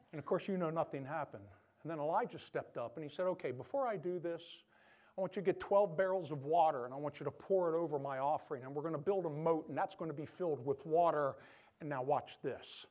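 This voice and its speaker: A man's voice: a little high, quick pace. A man pastor preaching a sermon, joking with the congregation and acting out Bible figures in voices. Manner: animated, joking asides to the congregation.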